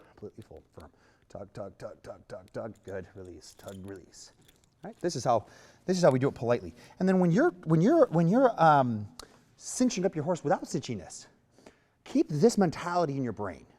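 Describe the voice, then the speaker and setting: A man giving a hands-on lesson as a horse trainer, with coaxing, rhythmic repeated cues and soft praise. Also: medium pitch. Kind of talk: hands-on instruction.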